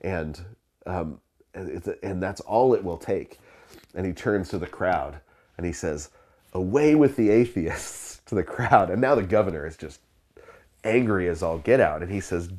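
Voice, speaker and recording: Low-voiced man telling a sermon story. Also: moderate pace, darkish tone. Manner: conversational, with frequent fillers and restarts, laughing through the story.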